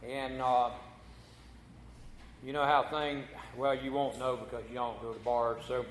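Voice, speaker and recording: A man's voice: mid-range voice, flat delivery, measured pace, a little hiss or hum. A man preaching a folksy sermon as pastor, telling a corny joke before turning to scripture. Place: church sanctuary. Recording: echoey church hall.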